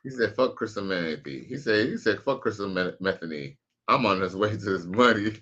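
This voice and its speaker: A man's voice: on the low side, animated, a little fast, dull audio, noisy background. A man casually commenting on a live stream, slangy and profane, reacting to clips and reading out chat. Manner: laid-back, slangy, profane, reads out chat messages.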